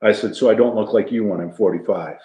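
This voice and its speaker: Quick and fairly low-voiced, an older retired football player swaps jokey, laughing anecdotes from his playing days as a guest storyteller. His delivery is casual, but the reverberant recording is very noisy.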